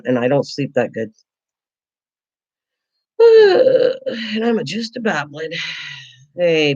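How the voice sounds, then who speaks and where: A woman's voice: low voice, lo-fi sound. A woman hosting a casual craft livestream, rambling and chatty, playfully teasing her viewers.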